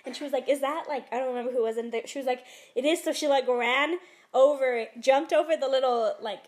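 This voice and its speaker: A young woman chatting casually, gushing and excitable, full of fillers. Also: sits high, quick pace. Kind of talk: casual chat.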